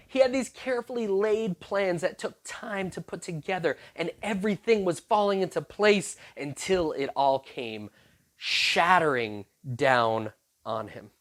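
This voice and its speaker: Youth pastor, animated sermon, conversational, playful asides, very expressive pitch. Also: unhurried. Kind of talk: animated youth sermon retelling a scripture story.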